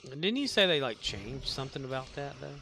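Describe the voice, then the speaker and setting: A man's voice: medium pitch, big pitch swings, a little fast, bright, forceful tone, slight background noise. A man streaming a game, joking and rambling playfully in casual commentary.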